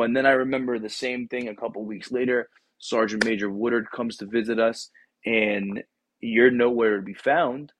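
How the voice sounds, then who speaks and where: A man's voice: medium pitch, no room sound. Man, casual chat host, rambling profane storyteller, dry close sound. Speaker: podcast host, former Marine recruiter.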